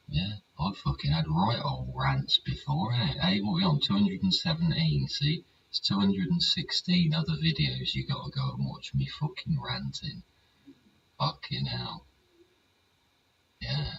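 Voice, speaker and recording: Gravelly, very deep older English man. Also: fairly bright tone. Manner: swearing, rambling, asks for agreement. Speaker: host. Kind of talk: rambling casual monologue. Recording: distant mic, dull sound, faint hiss.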